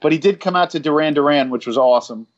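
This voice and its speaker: A man's voice: a little high, quick pace, lo-fi sound. A man co-hosting a wrestling podcast in casual chat, rambling and swearing with self-deprecating humor. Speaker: podcast co-host.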